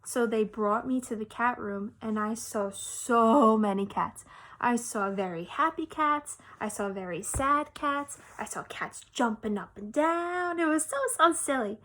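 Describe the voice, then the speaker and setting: Teacher lady telling a story to little kids, slow and expressive, fairly high voice. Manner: expressive, explains simply to kids. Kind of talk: storytelling for young children.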